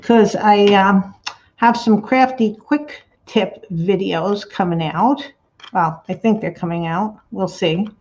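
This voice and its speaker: A woman hosts a crafting livestream from her table at home, chatting to viewers in a slow, unhurried way. She rambles, laughs often and reads out the chat as she works. The sound comes through a slightly dull laptop mic. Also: medium pitch, darkish tone.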